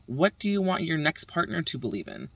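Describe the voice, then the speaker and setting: A man's voice: on the high side, huge pitch swings, a little fast, creaky, fairly bright tone, breathy edge, no echo. A man from the Bay Area ranting profanely and heatedly in a casual vlog. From San Francisco Bay Area. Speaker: vlogger.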